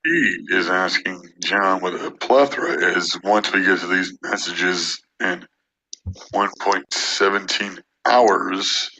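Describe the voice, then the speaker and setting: Deadpan male co-host, slow, bright-edged gravelly tone, lo-fi sound. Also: deep voice. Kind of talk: crude comedic banter. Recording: dull lo-fi mic with faint hiss.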